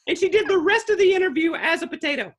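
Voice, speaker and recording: A man's voice: extremely high pitch, a bit bright, slight background noise. A man voicing a cheerful, playful male dragon puppet, telling stories in a bubbly, giggly way as a guest. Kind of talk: puppet character interview.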